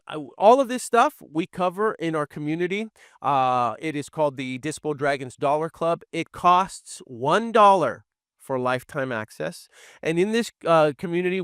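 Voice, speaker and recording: A man coaching real estate wholesalers, speaking bluntly and acting out his own lines to sellers in a lower, firmer voice. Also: a bit bright, no room sound, clean studio sound. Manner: direct, blunt, role-plays scripted seller lines in a low firm voice. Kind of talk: training presentation.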